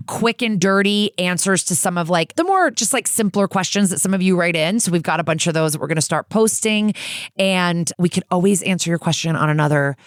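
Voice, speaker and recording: A woman's voice: fairly low pitch, brisk, dry recording, studio quality. A mother co-hosting a podcast, frank and wry in casual chat. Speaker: podcast co-host.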